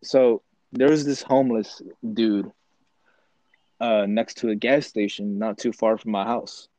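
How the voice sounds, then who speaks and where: A young man co-hosting a casual podcast, telling stories in a relaxed way with lots of "like". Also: lowish voice, a little slow, no room sound, poor audio. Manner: relaxed storytelling with many "like" fillers. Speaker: podcast co-host. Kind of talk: casual chat.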